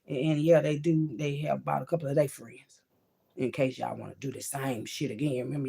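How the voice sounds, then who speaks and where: A woman giving a card-reading monologue, swinging between loud outbursts and hushed asides and calling her listeners "baby" and "child". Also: very deep voice, steady tone, a little fast, creaky. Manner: talks to viewers as "baby" and "child".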